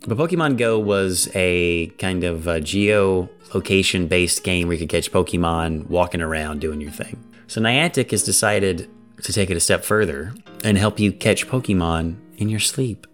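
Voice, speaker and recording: A man's voice: sits low, moderate pace, faint music behind. A man co-hosting a podcast in casual chat, rambling with lots of fillers and "like". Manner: rambling, filler-heavy, frequent "like". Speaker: podcast co-host.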